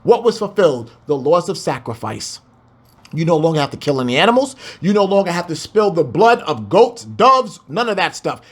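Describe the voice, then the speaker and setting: A man teaching from the Bible. He reads scripture slowly and drawn out, then breaks into blunt, profane, slangy commentary. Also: on the high side, big pitch swings, husky. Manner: blunt, profane, slangy asides between slow, drawn-out readings.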